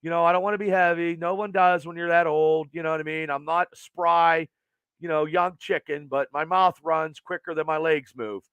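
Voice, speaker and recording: Man, early 50s, podcast host, profane rambling rant, bright tense voice. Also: fairly high pitch, fairly even intonation, moderate pace, clean tone, no echo, lo-fi sound. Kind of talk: casual ranting podcast chat.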